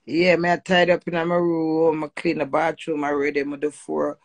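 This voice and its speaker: Middle-aged Jamaican woman, gravelly voice, loose crude live-stream rambling mixing patois and English. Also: deep voice, monotone, moderate pace. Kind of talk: casual live-stream chat. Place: home in England.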